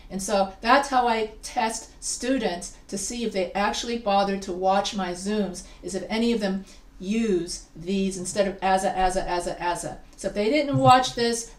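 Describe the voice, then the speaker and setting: A woman's voice: mid-range voice, roomy sound, recorded from a distance. A woman writing instructor lecturing over a video call, explaining patiently and repeating example sentences for emphasis. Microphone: video call microphone.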